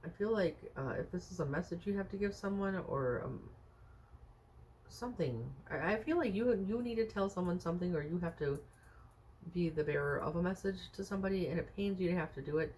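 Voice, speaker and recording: A woman's voice: fairly low pitch, a little fast, a little mellow, slight background noise. Chatty woman musing through a tarot reading. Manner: thinks aloud, musing with many fillers and rhetorical questions; chatty and reassuring toward the viewer. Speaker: tarot card reader. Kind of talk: casual tarot reading to camera.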